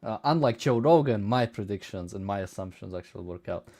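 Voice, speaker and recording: Male co-host, low, offhand banter. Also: animated, fairly quick, dark tone. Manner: offhand, joking. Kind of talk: casual stream banter.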